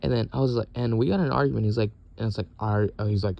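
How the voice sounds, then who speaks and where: Young enlisted guy, dark gravelly tone, swearing as he vents to camera. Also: lowish voice, very fast, highs cut off. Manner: profane, exasperated venting. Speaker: military service member. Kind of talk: casual rant.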